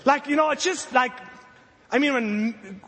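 Animated high-voiced preacher in a reverberant hall. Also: male voice, measured pace. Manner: animated storytelling, acting out voices of the disciples. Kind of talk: sermon to children and congregation.

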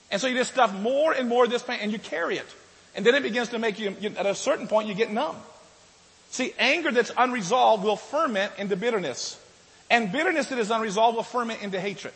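High-voiced man preaching in a hall. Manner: conversational preaching, with restarts and shifts from loud to soft. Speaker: pastor. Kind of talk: sermon.

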